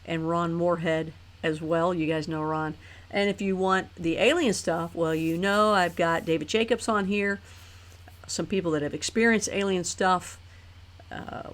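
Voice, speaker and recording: A woman hosting a live stream, talking casually and rambling chattily with her viewers. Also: fairly low pitch. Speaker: host of a live talk stream.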